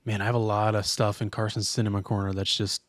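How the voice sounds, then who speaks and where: A man's voice: lowish voice, little pitch movement, fast, no echo, clean studio sound. A young man co-hosting a comedy podcast in a casual chat, joking crudely and ranting playfully. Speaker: podcast co-host.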